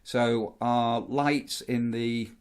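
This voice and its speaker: Middle-aged man, vlog host, rambling casual chat, easy mid pitch. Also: extremely slow, smooth. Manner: rambling, animated storyteller. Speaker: vlogger, campsite warden.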